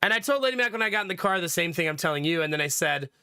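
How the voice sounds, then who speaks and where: A man's voice: sits high, animated, racing, bright, forceful tone, clear, resonant tone, dry recording, clean studio sound. A man with a cold, telling a story to his stream chat in a casual, laughing way. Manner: chatty storytelling, laughs often, acts out quotes. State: has a cold.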